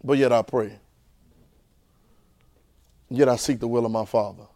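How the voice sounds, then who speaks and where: A man voicing a calm, humble grown man who speaks earnestly about praying to his Father. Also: medium pitch, unhurried, no room sound, voice pushed down, lightly acted.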